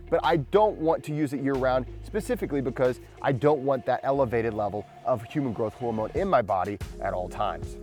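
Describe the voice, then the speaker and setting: A man's voice: medium pitch, darkish tone. Rambling man reviewing a supplement on camera. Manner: rambling, restarts often, talks with powder under his tongue. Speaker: channel host.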